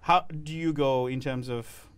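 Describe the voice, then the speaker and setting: A man's voice: mid-range voice, fairly even intonation, unhurried, clean tone. A man hosting a roundtable of comedians, asking questions in casual chat and throwing in jokes. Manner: asks questions, joking interjections.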